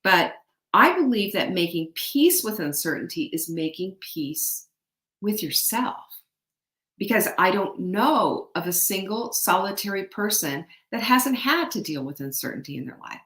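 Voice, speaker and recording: A woman's voice: medium pitch, expressive, measured pace, a bit bright. Chatty woman host in an echoey room. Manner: chatty, asks the audience questions. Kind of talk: motivational talk to a live audience.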